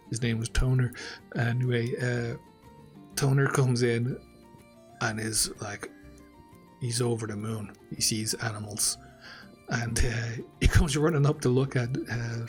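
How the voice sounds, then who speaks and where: An Irish man hosts a gaming channel and tells a loose, rambling story, often breaking into laughter. Faint music plays beneath his voice. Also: medium pitch. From Ireland. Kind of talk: casual storytelling over gameplay.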